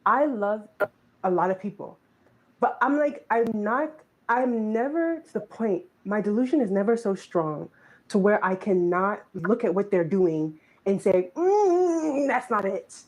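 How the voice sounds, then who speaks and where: A woman's voice: medium pitch, lively intonation, a little slow, muffled recording. A woman commentator speaking her opinion emphatically and directly, heard in a played clip.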